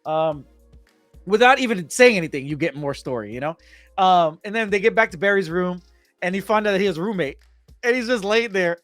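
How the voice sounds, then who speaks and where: Excitable guy breaking down a movie, kinda high voice, dry close mic, faint music behind. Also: brisk, no echo. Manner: animated, excitable, acts out scenes. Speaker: podcast host. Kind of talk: casual movie discussion.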